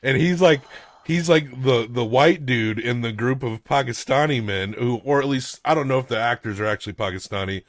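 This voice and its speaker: A man's voice: medium pitch, brisk, dry recording. A man hosting a podcast, chatting casually about a movie, rambling with lots of restarts and swearing. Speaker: podcast host. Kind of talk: casual movie review chat.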